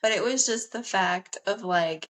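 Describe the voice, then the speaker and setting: A woman's voice: medium pitch, unhurried, fairly bright tone, rough recording. Young woman laughing through chatty stories. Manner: laughs often, chatty and self-mocking. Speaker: podcast co-host. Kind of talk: casual chat.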